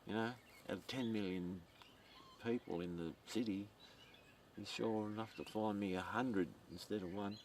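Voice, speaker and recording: Deep, slow-talking man with a gravelly voice, rambling to camera outdoors, heard from a distance with faint ambient noise. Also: steady tone, a little mellow. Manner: meandering, repeats words, swears, chuckles often. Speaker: vlogger.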